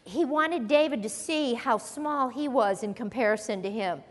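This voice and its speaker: A woman preaching a sermon, animated and acting out the voices she quotes. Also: a little high, moderate pace, long reverb tail.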